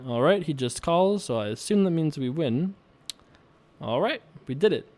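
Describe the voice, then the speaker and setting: A man's voice: a little high, lively intonation, moderate pace, a little mellow. A young man hosting a poker video, chatting casually, laughing often and talking through his hands.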